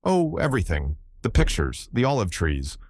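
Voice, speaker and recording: A man's voice: lowish voice, huge pitch swings, normal speed, husky, no room sound, studio quality, exaggerated voice. A man doing a teasing, bold young woman. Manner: arch, playfully needling. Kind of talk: audiobook character reading.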